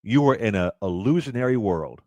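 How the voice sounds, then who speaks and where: A man hosts a talk radio show and speaks with a lively, swooping delivery that rises and falls across each point. He presses his arguments emphatically and sometimes slips into a mocking voice to quote people he disagrees with. The studio sound is dry and close. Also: on the low side, fairly quick, no echo. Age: under 60.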